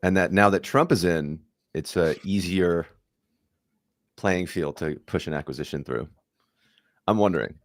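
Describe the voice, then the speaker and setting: A man's voice: sits low, a little slow, long pauses, dry recording, studio quality. A man co-hosting a casual tech podcast, musing aloud in a conversational way. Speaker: podcast co-host.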